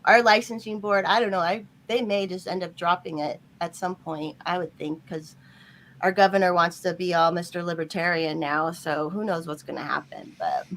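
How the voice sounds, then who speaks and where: A woman's voice: on the low side, steady tone, normal speed. A woman chatting casually on a group stream, ranting with frustration and mocking people she quotes. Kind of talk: casual chat.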